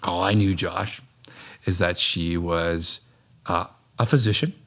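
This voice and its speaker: A middle-aged man telling stories in a casual podcast chat, animated, acting out his own past lines. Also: sits low, takes it slowly, vocal fry. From Minnesota, USA. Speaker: podcast guest, business owner.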